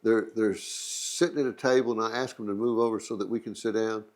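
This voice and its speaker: A man's voice: on the low side, steady tone, brisk, darkish tone. A middle-aged man with a Texan accent, casually telling a rambling, joking travel anecdote as the host of a museum channel. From Texas. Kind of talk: casual storytelling.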